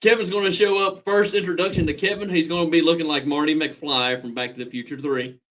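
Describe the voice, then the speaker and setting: A man game master chatting casually in animated bursts. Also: a little high, fast. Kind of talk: casual chat.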